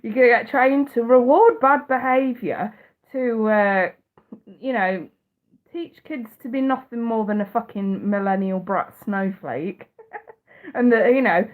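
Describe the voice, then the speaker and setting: A British woman in her thirties, a psychic reader chatting casually on a live stream, blunt and profane and often laughing. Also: a little high. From United Kingdom. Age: 30s. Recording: tinny phone-like audio.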